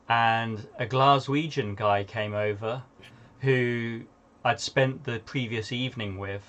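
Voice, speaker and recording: Man, mixed northern english accent with slight australian twang, casual chat, soft trailing delivery, mid pitch. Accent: mixed Northern English with some Australian twang. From UK, Manchester. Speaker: player.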